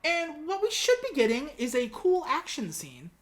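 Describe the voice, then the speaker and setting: A woman's voice: sits high, big pitch swings, normal speed. A woman podcast host recapping a movie in casual chat, wry and sarcastic, with lots of filler words.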